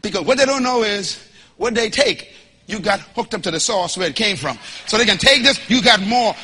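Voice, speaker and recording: Very high, husky preacher man. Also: animated, normal speed. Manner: emphatic, builds to shouting, urges the congregation to respond; folksy and humorous. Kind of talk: sermon.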